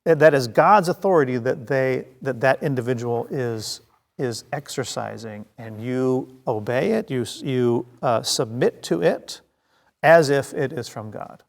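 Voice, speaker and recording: A man teaching a Bible study to a congregation, telling the story lively and acting out scenes, with many fillers and restarts. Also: medium pitch, unhurried, creaky. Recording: long reverb of a hall.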